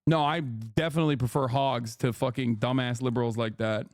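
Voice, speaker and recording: A man's voice: medium pitch, fairly even intonation, fairly quick, dry recording, clean studio sound. A man live-streaming, ranting at his chat in a profane, combative way. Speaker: live streamer reacting to a clip. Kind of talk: heated casual stream rant.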